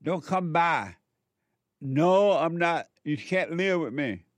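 A man's voice: mid-range voice, moderate pace, dry recording, lightly acted. A man voicing an angry, smothering middle-aged mother who insists on her love with possessive scolding. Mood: insistent.

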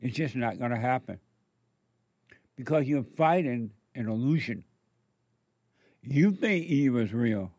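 A man delivers a spiritual sermon at a slow, deliberate pace. He leans on repetition and rhetorical questions, and his voice sits in a middle register. The sound is dry and close. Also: mid-range voice, animated, a little mellow, no room sound. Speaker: preacher.

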